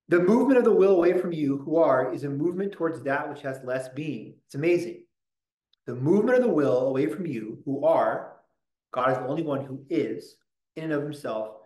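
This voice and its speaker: A man giving a casual lecture on a religious text, reading passages aloud and breaking into joking asides. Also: on the high side. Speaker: Catholic lecturer. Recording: roomy echo.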